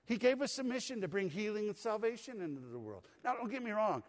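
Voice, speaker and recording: A man's voice: high-pitched, animated, fast talker, long reverb tail. An older man preaching a sermon to his congregation in a folksy, conversational way with touches of humor. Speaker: pastor. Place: church sanctuary.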